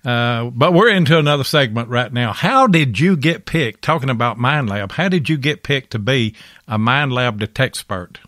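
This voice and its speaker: A man's voice: mid-range voice, expressive, moderate pace, fairly bright tone, no echo, clean studio sound. A man hosting a live radio talk show in a folksy, easygoing way.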